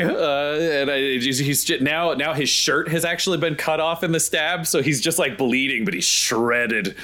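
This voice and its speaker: Tabletop player, a man, excitable and playful, on a video call. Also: a little high, moderate pace, hardly any pauses. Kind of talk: tabletop role-play.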